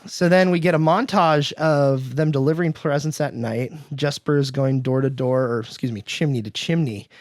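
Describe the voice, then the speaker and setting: A man's voice: medium pitch, steady tone, normal speed, hardly any pauses, no echo, clean studio sound. A man hosting a podcast, casually recapping a film and acting out the characters' lines in raised voices. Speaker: podcast host.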